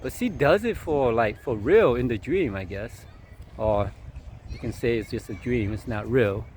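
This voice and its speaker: A man vlogging outside at sunset, rambling through a personal story in a loose, chuckling way. His voice sits at an ordinary mid pitch, with a faint hiss of outdoor noise behind him. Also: unhurried, darkish tone. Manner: meandering, chuckling, filler-heavy.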